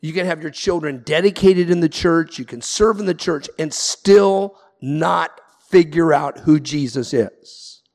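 A man's voice: a little high, moderate pace, a little mellow, big-room sound. A man preaching a sermon as pastor, emphatic, with repeated refrains. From Southern California.

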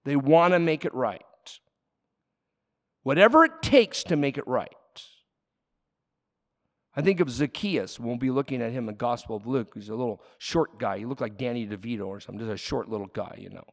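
A man preaching a sermon as a pastor, animated, swinging between loud emphasis and quiet asides. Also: medium pitch, moderate pace, gravelly. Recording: long hall reverb.

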